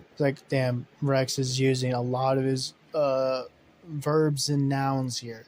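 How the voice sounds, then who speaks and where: Guy making up a story as he goes, lots of uh and sorry, swears a bunch, middle pitch, faint noise behind. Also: little pitch movement, slow pace, darkish tone, low-quality recording. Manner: rambling, swearing, many fillers and self-corrections. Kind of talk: casual improvised story narration.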